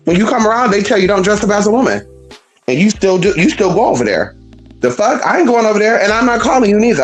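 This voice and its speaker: Recorded roughly, a mid-range-voiced woman vlogger holds forth in a casual monologue of opinions. She's blunt, sassy and profane, calling listeners "honey" and "girl" and firing back at critics who exist only in her head.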